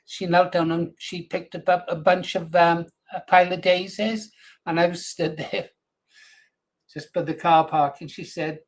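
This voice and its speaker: A man's voice: fairly high pitch, fairly even intonation, unhurried. An older man presenting a radio show, chatting in a rambling, anecdotal way with frequent chuckles. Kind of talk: casual radio chat.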